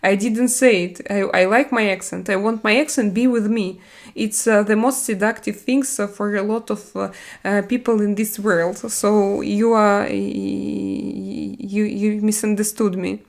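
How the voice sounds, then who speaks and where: Here a middle-aged Russian-accented woman, whose first language is Russian, runs a relaxed live-stream chat, bluntly and chattily fielding viewer questions. She talks haltingly with many fillers and restarts, her gravelly mid-range voice keeping a fairly even intonation.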